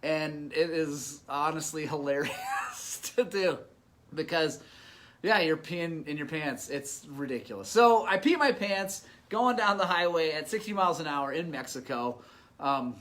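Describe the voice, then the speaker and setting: Animated, bright-voiced male storyteller. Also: on the high side, a little slow. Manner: animated, laughs often while telling the story. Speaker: podcast host. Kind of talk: casual storytelling.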